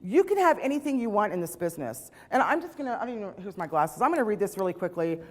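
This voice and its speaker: A woman's voice: mid-range voice, sing-song, racing, in a large hall. A woman in her late fifties giving a chatty, self-deprecating motivational talk on stage, acting out the voices she quotes. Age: 50s. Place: stage in a large hall.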